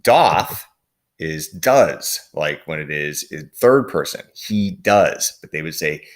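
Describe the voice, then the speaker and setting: A man with a low, deep voice teaches a recorded lesson. He explains step by step at an easy pace, with plenty of "uh" and "um" along the way. Now and then he reads short quoted lines aloud in the same plain voice. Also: lively intonation, takes it slowly. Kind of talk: recorded classroom lecture.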